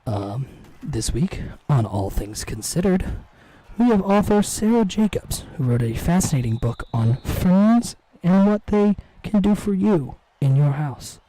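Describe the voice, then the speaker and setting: A man putting on the slow, calm voice of a soft-spoken male public radio host. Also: fairly high pitch, poor audio. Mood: mock-soothing. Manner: slow, measured, hushed delivery.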